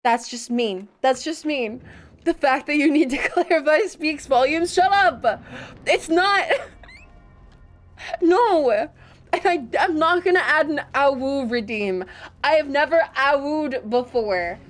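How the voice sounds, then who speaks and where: The VTuber's voice sits high and her delivery is unhurried as she plays a video game on stream. Chatting casually with her audience, she feigns indignation and playfully protests when chat teases her.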